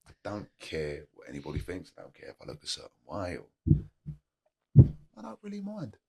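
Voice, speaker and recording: Guy, super deep gravelly voice, earnest podcast guest talk, repeats his points. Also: wildly swooping pitch, brisk, a little mellow. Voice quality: gravelly husky low voice. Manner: earnest and motivational, plain-spoken, uses repetition. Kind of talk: candid conversational storytelling.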